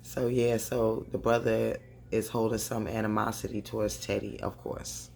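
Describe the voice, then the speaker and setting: A woman doing a casual, animated recap of a TV episode, talking straight to her viewers and laughing often. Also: extremely low pitch, moderate pace, vocal fry, a little hiss or hum. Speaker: TV recap vlogger. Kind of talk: casual chatty show recap.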